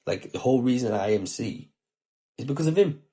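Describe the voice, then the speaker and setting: A man's voice: medium pitch, animated, fairly quick, warm tone. A man, a podcast host telling a story casually, with heavy swearing and slang and heartfelt talk.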